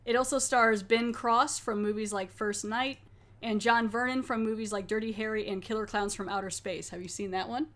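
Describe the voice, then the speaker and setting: A woman's voice: fairly high pitch, steady tone, normal speed, a bit bright. Chatty woman hosting a podcast. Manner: chatty, rambling, laughs often. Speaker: podcast host. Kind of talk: casual chat.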